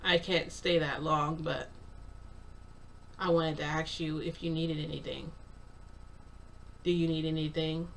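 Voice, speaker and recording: A woman's voice: low-pitched, fairly even intonation, unhurried, gravelly, long pauses, recorded from a distance, a little hiss or hum. A woman casually retelling a story in the first person, narrating dialogue with lots of "I'm like" and "he's like". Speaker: channel host telling a story.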